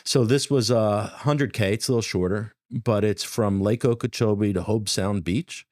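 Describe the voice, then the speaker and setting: A middle-aged man, a guest athlete, speaking in a measured, self-deprecating way. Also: fairly low pitch, darkish tone, no room sound, clean studio sound. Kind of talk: casual interview talk.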